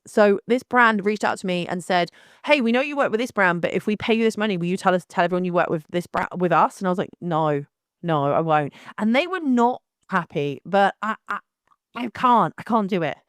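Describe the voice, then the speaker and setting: A young woman, hosting her own podcast in a blunt, animated, casual monologue with frequent restarts. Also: mid-range voice, a little fast, no room sound, clean studio sound.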